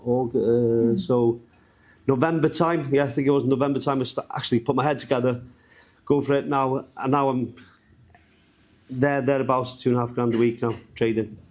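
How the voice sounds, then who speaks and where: A man's voice: medium pitch, steady tone, moderate pace, darkish tone. A young man from Wales, casually telling his trading story on stage. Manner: chatty, laughing, loose. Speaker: trader sharing his story on a panel.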